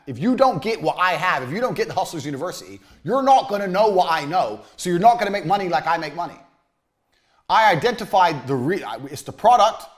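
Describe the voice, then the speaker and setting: A man giving a blunt, crude business lecture in a university room. He swings between loud, forceful emphasis and low, muttered asides. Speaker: business speaker.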